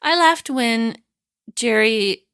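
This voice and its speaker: A woman with a somewhat high voice chats on a podcast, ribbing her co-host and laughing often. The sound is close and dry. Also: animated, takes it slowly, fairly bright tone, clean tone, dry recording. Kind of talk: casual chat.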